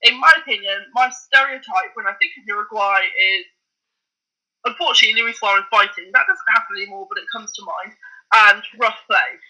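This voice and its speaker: A man chatting on a podcast with a high, very bright and sharp voice. He tells animated anecdotes and breaks into laughs as he talks. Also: brisk, poor audio. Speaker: podcast co-host. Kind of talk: casual chat.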